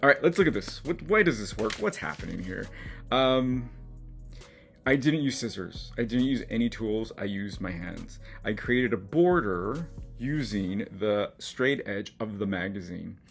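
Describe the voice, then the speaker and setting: A low, gravelly man in middle age talks warmly to his viewers from his studio, chatty and encouraging. He gets easily moved as he speaks, and soft music plays quietly behind him. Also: animated, measured pace. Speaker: collage artist and channel host. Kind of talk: casual studio vlog to camera.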